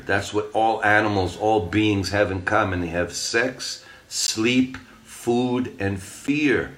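A man's voice: fairly low pitch, slow pace, hardly any pauses, fairly bright tone. A man giving an earnest, rambling spiritual talk and telling a parable. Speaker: spiritual speaker.

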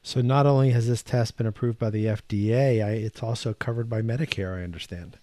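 A man's voice: on the low side, brisk, warm tone, no room sound. A man hosting a podcast interview, asking friendly, rambling questions full of fillers. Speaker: podcast host.

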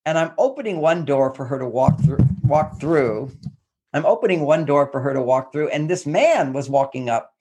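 Chatty guy with a slightly high voice, tells stories and acts out the quotes. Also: moderate pace, a little hiss or hum. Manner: animated storyteller who acts out quotes. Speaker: guest relationship expert. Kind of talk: anecdotal advice in conversation.

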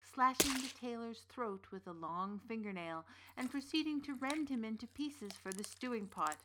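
A woman playing an old witch who narrates a folktale in a measured, deliberate way. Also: a little high, lively intonation, noisy background, natural voice. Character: old witch storyteller, knowing and dry. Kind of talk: scripted storytelling narration.

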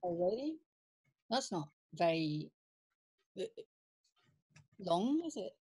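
A woman's voice: on the low side, very animated, slow pace, darkish tone, breathy edge, no room sound. A woman chatting on a podcast, asking lots of questions in a teasing, slightly hesitant way. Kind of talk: casual chat.

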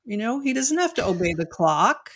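A woman's voice: a little high, sing-song, normal speed, a bit bright. A middle-aged woman, an author and marriage coach, talking frankly and reflectively as an interview guest, often saying "you know" and "like". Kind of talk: candid interview conversation.

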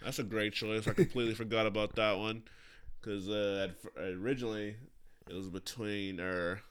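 A man's voice: fairly low pitch, fairly even intonation, normal speed, smooth. A man hosting a casual movie podcast, reading out nominees in a laid-back way and laughing often. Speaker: podcast host. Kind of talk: casual chat.

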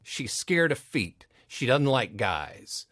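A man's voice: medium pitch, big pitch swings, takes it slowly, fairly bright tone, no room sound. A man who works as a voice actor at a recording studio, telling rambling stories in a casual interview and slipping into playful quoted voices.

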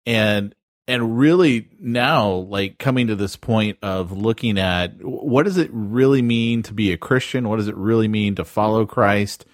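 A man with a fairly low voice co-hosts a podcast in relaxed conversation. He speaks in a reflective, easygoing way. The recording is dry, with little room sound. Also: unhurried, no echo. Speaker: podcast co-host. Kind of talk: casual podcast chat.

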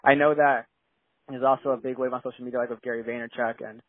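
A man's voice: medium pitch, little pitch movement, fast talker, dry recording. A young man from San Diego, a filmmaker guest, talking casually and rambling with lots of "like" and restarts. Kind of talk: casual interview chat. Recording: tinny phone-like line.

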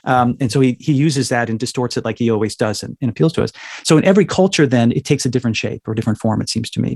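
A man's voice: mid-range voice, a little mellow, dry recording, studio quality. A man speaking as a minister, explaining ideas in a reflective, conversational way and checking in with frequent tag questions. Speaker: guest, minister. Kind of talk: conversational theology discussion.

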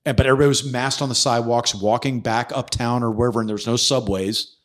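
Animated, swearing male podcast host. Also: mid-range voice, fast. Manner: animated storyteller who acts out quoted voices, swears freely. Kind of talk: casual podcast conversation.

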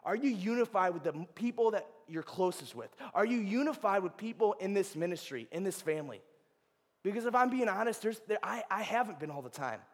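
Young male ministry speaker, high-pitched, lively and casual, heard with a long reverb in a large hall. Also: a little fast. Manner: animated, chatty storyteller. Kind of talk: informal sermon with personal stories.

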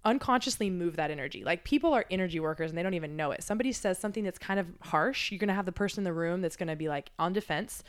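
Woman, low voice, smooth tone, candid, reflective, swears, chatty podcast guest. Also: animated, very fast, few pauses. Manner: candid, reflective, swears freely, many fillers. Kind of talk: casual chat.

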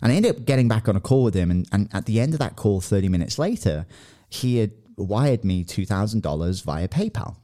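A man in his thirties co-hosting a podcast, telling a story in casual chat and acting out quotes with excitement. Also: brisk. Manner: animated, acts out quotes in a high excited voice. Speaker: podcast co-host.

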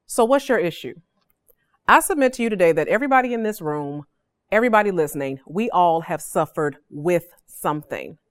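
A woman in her forties hosts a devotional podcast, and her voice sits a little low for a woman. She teaches in a casual, emphatic way, with slangy asides and frequent check-ins. The sound is dry and close, with no room echo.

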